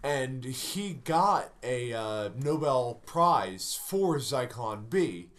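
A man's voice: medium pitch, big pitch swings, very slow, a bit bright. A man joking crudely in casual podcast banter among friends. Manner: crude joking, mock impressions.

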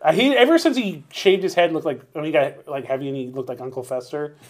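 A man co-hosting a wrestling talk podcast, chatting casually, animated and swearing often. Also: on the high side, fast talker. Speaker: podcast co-host. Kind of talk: casual chat.

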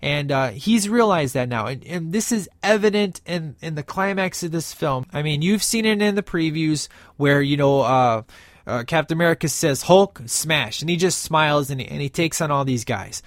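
A man's voice: a little high, animated, normal speed, dry recording, studio quality. A man giving a casual, enthusiastic movie review, rambling with many fillers and restarts.

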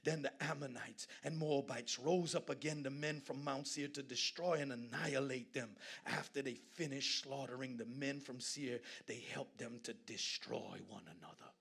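A man from Guyana preaching a sermon in a church, swinging from hushed asides to loud, laughing exclamations. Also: medium pitch, moderate pace, vocal fry, few pauses, breathy edge. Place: church sanctuary.

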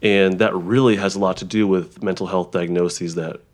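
A man who works as a therapist, explaining ideas in a halting conversational way, with frequent restarts and examples. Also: deep voice, steady tone. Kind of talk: conversational interview.

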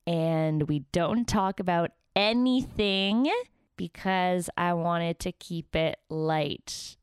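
A woman's voice: lowish voice, clean tone, dry recording, studio quality. Candid, chatty woman podcast host. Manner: candid, chatty, swears freely. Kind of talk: casual podcast monologue.

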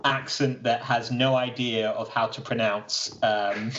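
A British man chats casually, laughing at himself and circling back through false starts. His pitch sits in the middle of the range. The recording is a little dull and lo-fi. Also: fairly even intonation, measured pace, a bit bright, slight background noise. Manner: self-deprecating, rambling with restarts. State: keeps clearing his throat. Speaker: podcast co-host. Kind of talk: casual chat. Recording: slightly dull lo-fi sound.

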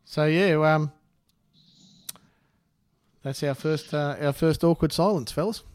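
A man's voice: a little high, unhurried, darkish tone, no room sound. A man co-hosting a podcast, easygoing and chatty, calling people mate. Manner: easygoing, says mate, laughs often. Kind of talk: casual chat.

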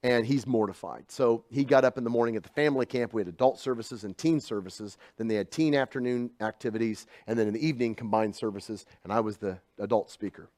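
A middle-aged man preaching a sermon in a conversational storytelling way, dropping to hushed asides and rising to loud, emphatic bursts. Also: mid-range voice, fast, few pauses, no room sound.

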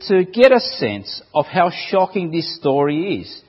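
A man's voice: a little high, big pitch swings, a little slow, big-room sound, lo-fi sound. A man preaching a sermon to his congregation in a playful, storytelling way.

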